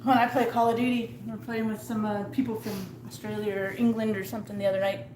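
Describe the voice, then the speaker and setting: A woman's voice: fairly high pitch, little pitch movement, fast. A woman co-hosting a casual livestream from home, chatty and giggly, swearing freely. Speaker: livestream co-host. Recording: echoey room with background noise.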